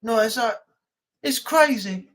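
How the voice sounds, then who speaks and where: A man's voice: very high voice, slow, a bit bright. A man with an English accent hosting a casual live chat, telling stories in a rambling, blunt way.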